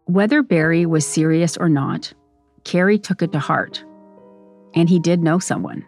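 A woman hosting and narrating a documentary in a measured, serious way. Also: low voice, darkish tone, faint music behind. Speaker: podcast host and narrator.

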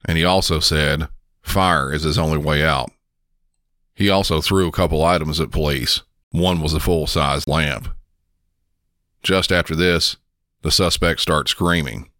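A man narrating a police call recording in a flat, matter-of-fact way as the podcast host. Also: rumbling low, unhurried, pauses often, dry recording, studio quality. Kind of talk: scripted narration.

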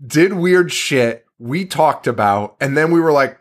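A man's voice: on the high side, lively intonation, unhurried. A man co-hosting a horror podcast in casual chat, rambling, with many fillers and casual swearing. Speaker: podcast co-host.

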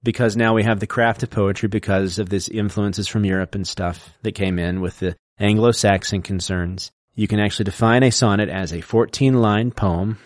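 Lecturing podcast host, man with a lowish voice and a dry, close sound. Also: fairly even intonation, no room sound. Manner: lecturing, recites verse slowly to show stress. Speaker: podcast co-host explaining poetry. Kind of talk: casual explanatory chat.

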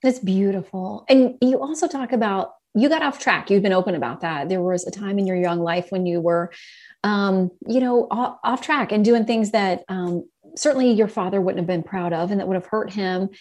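A woman's voice: mid-range voice, normal speed, a little mellow. A woman hosts an interview in an ordinary mid-range voice. She is affirming and encouraging, and she laughs easily as she retells her guest's stories. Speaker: interviewer and host. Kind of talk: conversational interview.

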